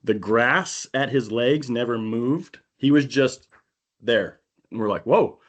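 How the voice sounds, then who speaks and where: A man on a podcast telling a long, animated hunting-trip story in casual chat, acting out the people he quotes. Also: medium pitch, slow, dull audio. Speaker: podcast co-host. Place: indoor podcast studio.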